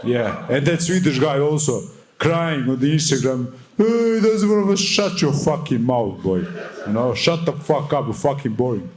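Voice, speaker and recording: A man's voice: medium pitch, normal speed, a little mellow. A young man answering at a boxing press conference, fiery, defiant and full of swearing.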